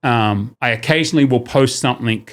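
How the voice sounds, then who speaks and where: A man's voice: medium pitch, brisk, fairly bright tone. A man talking casually as a returning podcast guest, joking and working through examples with shifting emphasis. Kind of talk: casual chat.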